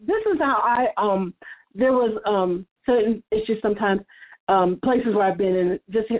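A woman on a church roundtable sharing testimony in an earnest, casual way, often repeating words as she starts a thought. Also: medium pitch. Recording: tinny phone-like line.

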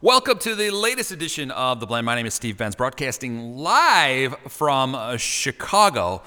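A man hosting a talk show, teasing his guest in a playful, animated way. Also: medium pitch, moderate pace, in a large hall. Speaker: radio show host.

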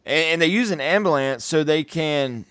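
A man co-hosts a film podcast, talking loosely and circling back over his words as he reacts to the story. His voice sits a little high for a man. The sound is dry and close, with no room around it. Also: lively intonation, moderate pace, fairly bright tone, no echo. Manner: rambling, repeats words, conversational. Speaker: podcast co-host. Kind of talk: casual movie review chat.

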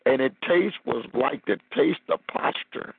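A man's voice: medium pitch, animated, a little slow, vocal fry, slightly rough, no room sound. A man preaching as a minister, reading and expounding scripture over a phone line.

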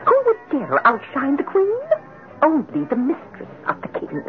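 A shrill jealous queen. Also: wildly swooping pitch, normal speed, music in the background, full character voice. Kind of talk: 1970s radio drama acting. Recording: tinny old radio broadcast.

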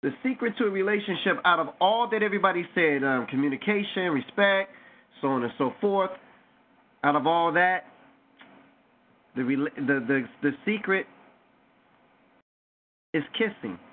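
A man's voice: on the high side, lively intonation, moderate pace, pauses often. Man hosting a call-in show, phone line. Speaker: radio talk show host. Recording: tinny phone-line sound with faint noise.

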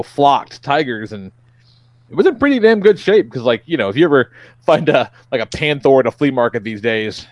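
Laid-back cursing man with a lively voice. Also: mid-range voice, no echo. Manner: loose, profane, laughing often. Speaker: podcast host. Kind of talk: casual chat.

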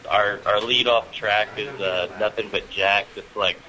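A man who is a musician guest, talking about his band in a relaxed, rambling way with many fillers. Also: on the low side, unhurried, low-quality recording. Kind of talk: casual interview chat. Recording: call audio with crowd noise behind.

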